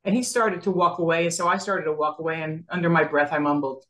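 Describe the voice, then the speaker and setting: With a low-sitting voice and a quick pace, a New Jersey woman in her sixties recounts a story during a casual interview where she's the guest. She's animated, performs the dialogue as she quotes it, and laughs a lot.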